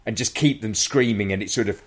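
A man in casual chat about a film, animated and playful, often adding tag questions. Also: on the low side, brisk, husky. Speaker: podcast co-host.

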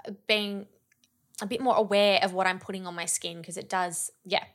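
A woman hosting a casual podcast chat, enthusiastic and quick to swear. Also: mid-range voice, fairly even intonation. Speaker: podcast host.

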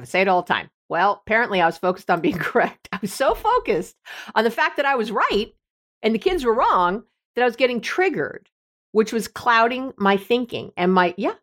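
A woman's voice: mid-range voice, fairly bright tone. A middle-aged woman, a relationship expert hosting her show, telling a story in a casual, self-deprecating way with many asides. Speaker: podcast host, relationship expert. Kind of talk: casual confessional monologue.

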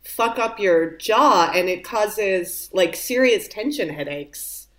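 Woman, teasing, slow, lively pitch, roomy recording. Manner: teasing, laughing. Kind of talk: casual comedic chat.

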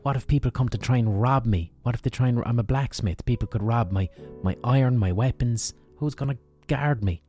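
A man's voice: mid-range voice, lively intonation, brisk, soft background music, pitched above the performer's own voice, lightly acted. A man voicing a furious, swearing blacksmith with an Irish accent, ranting with indignation. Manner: profane, shouting indignant rant. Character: furious swearing male blacksmith, middle-aged.

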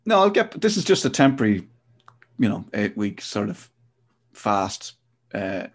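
A man hosting a casual podcast chat, chatty and quick to laugh. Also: fairly low pitch, very animated. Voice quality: gravelly, husky voice. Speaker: podcast host.

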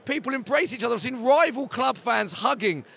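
Brief: English male podcast host, high and emotional, interviewing outdoors after a match. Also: animated, a little fast, gravelly, a bit bright, husky. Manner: breathless, emotional, calling questions over the noise. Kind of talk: excited on-the-street podcast interview.

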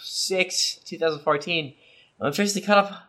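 A man's voice: high-pitched, moderate pace, bright, forceful tone. A man co-hosting a podcast, reading listener reviews aloud playfully, stumbling over words now and then. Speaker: podcast co-host.

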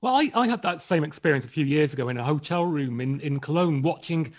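A man's voice: on the high side, expressive, fast, a little mellow. A man hosting a political podcast, chatting and putting questions to his guest. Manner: conversational, asks guest questions. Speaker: podcast host. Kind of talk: podcast discussion.

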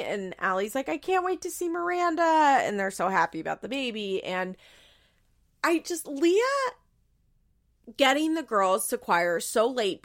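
A woman's voice: medium pitch, creaky. A young adult woman hosting a podcast, recapping reality TV in a casual, chatty way, swearing freely and laughing often. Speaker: podcast host.

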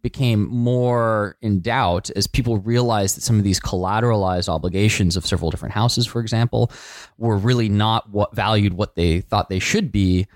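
A man with a fairly low voice explains markets step by step in a conversational tone. The sound is dry and close, with no room around it. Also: normal speed, no room sound. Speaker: co-host explaining finance. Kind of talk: casual explanatory chat.

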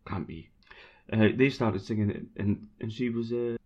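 Rambling man, low and muffled. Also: steady tone, moderate pace, dark tone. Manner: rambling, self-mocking, bursts into sung chants. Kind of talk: casual chat about football. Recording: dull lo-fi recording.

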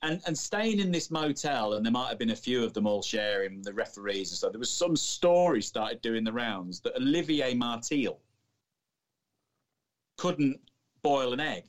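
A man's voice: mid-range voice, expressive, normal speed. A man co-hosting a podcast, teasing his partner and telling rambling anecdotes with frequent restarts. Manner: rambling, teasing, restarts while recalling details. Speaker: podcast co-host.

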